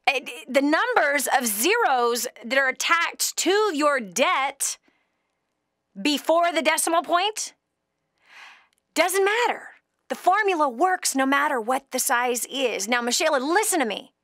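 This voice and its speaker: A woman hosting a call-in advice show, talking bluntly and emphatically, scolding and coaching her caller, swinging from loud bursts to hushed tones. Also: sits high, expressive, a little slow, no room sound, studio quality. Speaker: radio show host giving financial advice to a caller.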